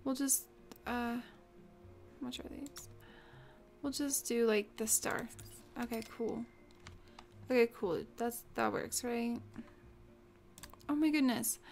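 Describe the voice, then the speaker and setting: A young woman hosts a let's play and talks over her gameplay at a computer mic. Her voice sits high, and her delivery is unhurried. She gasps and exclaims often as things happen in the game. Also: gravelly, soft background music. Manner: excitable, gasping and exclaiming often. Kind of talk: casual gameplay commentary.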